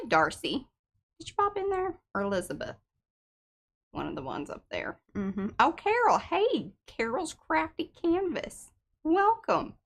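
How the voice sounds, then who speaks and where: A middle-aged woman hosting an art livestream, chatting casually and greeting viewers one by one. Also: on the high side.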